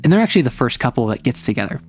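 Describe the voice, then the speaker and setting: A woman's voice: very deep voice, sing-song, very fast, darkish tone, breathy edge, faint music behind. A woman streamer chatting casually about romance stories, rambling with lots of fillers and briefly acting out quoted lines.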